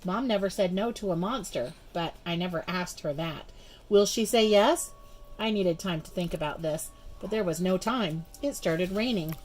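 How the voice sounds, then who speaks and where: A woman reading a children's storybook aloud in an expressive, measured way. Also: fairly low pitch, soft background music. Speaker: storybook reader. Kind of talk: children's book read-aloud.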